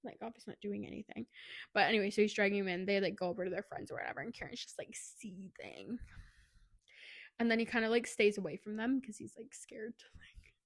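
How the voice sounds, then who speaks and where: A woman's voice: mid-range voice, steady tone, fast, dry recording, clean studio sound. A woman co-hosting a book podcast, casually retelling a story and acting out the characters' lines, with "like" in nearly every sentence. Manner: rambling retelling full of "like", acting out quotes. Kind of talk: casual book recap chat.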